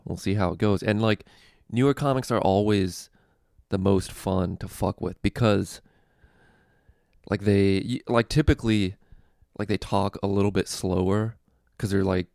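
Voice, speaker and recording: A man's voice: deep voice, creaky, a little mellow, no room sound, studio quality. A young man casually telling a story with lots of fillers, swearing and laughter, hosting a comedy podcast. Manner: laid-back, profane, lots of fillers and laughs.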